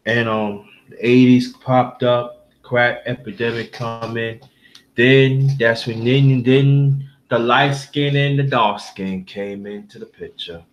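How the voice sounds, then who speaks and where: A man's voice: mid-range voice, steady tone, slow pace, lo-fi sound. A man from Brooklyn, New York, talking casually and with feeling, rambling and restarting as he recounts a story. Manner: rambling, heartfelt, with many restarts. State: emotional. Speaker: panel host.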